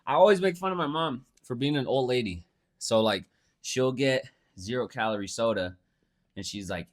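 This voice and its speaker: Lively, swearing podcast guy. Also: mid-range voice, moderate pace. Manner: profane, laughs a lot, teasing. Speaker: podcast co-host. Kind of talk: casual chat. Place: Phoenix.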